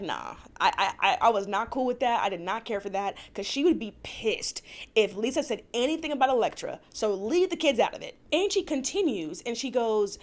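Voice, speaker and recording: A woman vlogger recapping a reality TV episode in a casual, opinionated way, swearing freely. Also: on the high side. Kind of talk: casual chat.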